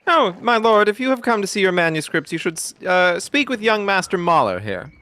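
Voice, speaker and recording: A man's voice: sits high, very animated, a little fast, pushed and bright, full character voice. A man voicing an earnest, formal monk in a live voice-over of game dialogue. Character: earnest male monk, a middle-aged abbey priest.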